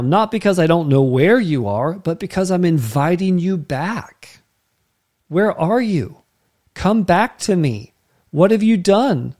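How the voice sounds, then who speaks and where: A man's voice: high voice, darkish tone, voice pushed up. A man voicing a yearning father calling his lost children home, pleading and earnest.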